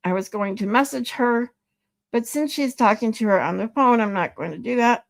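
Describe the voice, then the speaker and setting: A woman's voice: fairly high pitch, normal speed, vocal fry. A woman streaming live, chatting casually with viewers, laughing often and swearing loosely. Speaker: live streamer reading chat.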